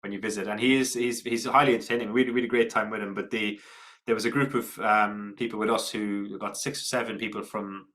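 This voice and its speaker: A man's voice: lowish voice, fairly even intonation, fast talker, a bit bright. A man from Ireland hosting an online whisky tasting, reading out viewer comments in a friendly, rambling way with frequent ums. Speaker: tasting host. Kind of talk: casual online tasting chat.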